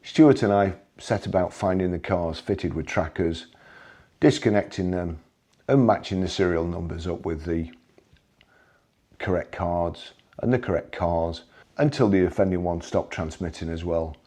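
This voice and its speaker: Deep-voiced man telling wry stories. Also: a little slow, warm tone, slightly rough. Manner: wry, conversational, occasional restarts. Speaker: memoir storyteller. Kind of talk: anecdotal storytelling.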